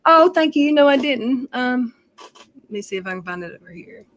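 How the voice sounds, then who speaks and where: A woman's voice: on the high side, lively intonation, moderate pace, a little mellow, poor audio. A woman hosting a livestream, telling family stories in a rambling, chatty way and often correcting herself mid-sentence. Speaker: livestream host. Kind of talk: casual storytelling chat.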